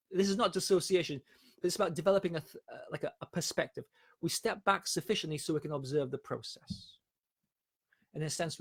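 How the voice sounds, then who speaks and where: A man with a fairly high, gravelly voice answers viewers' questions about anxiety in a live stream. He explains things step by step and brings in short parables. The sound is dry and close. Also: no room sound. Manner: explanatory, tells parables with acted quotes. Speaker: anxiety coach.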